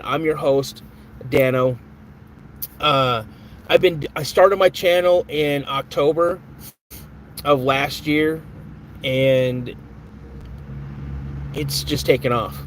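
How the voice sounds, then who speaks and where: A man's voice: fairly high pitch, slow, long pauses, slight background noise, poor audio. A man hosting a podcast live stream, chatting casually with viewers in a rambling, off-the-cuff way. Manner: rambling, reads chat aloud, flares up angrily at a troll. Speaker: podcast host.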